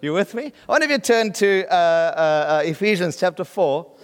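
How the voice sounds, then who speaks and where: A pastor from South Africa, speaking with its accent, preaches in a high, animated, clear and resonant voice at a moderate pace inside a large hall. He talks to the congregation casually and often asks if they grasp the point.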